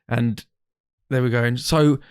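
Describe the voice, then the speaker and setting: Animated man telling a story. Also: medium pitch, brisk, no echo, clean studio sound. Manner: animated, swears freely, acts out friends' lines. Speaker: podcast co-host. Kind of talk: casual storytelling chat.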